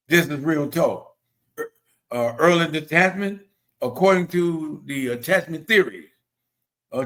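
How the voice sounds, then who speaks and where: A man's voice: a little high, fairly bright tone. A man hosting a casual motivational talk, earnest and preachy, who often repeats himself. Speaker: host.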